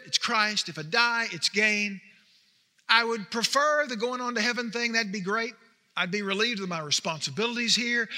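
A man preaching a sermon as a pastor, telling stories in an animated way that builds to emphatic peaks. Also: sits high, in a large hall.

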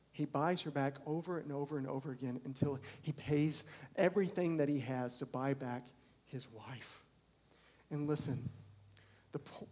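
A man preaching a sermon, swinging from loud pleading to a hushed near-whisper and acting out the voices he quotes. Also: fairly high pitch. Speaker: pastor.

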